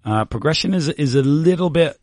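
A man's voice: fairly high pitch, lively intonation, a little fast, darkish tone, no room sound, clean studio sound. A man teaching English vocabulary in a casual, playful lesson, encouraging his student and laughing often.

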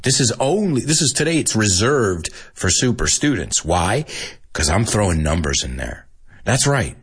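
A man teaching an English lesson to Spanish-speaking students on a live stream, animated and joking, slipping into Spanish and laughing often. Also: lowish voice, moderate pace, slightly rough.

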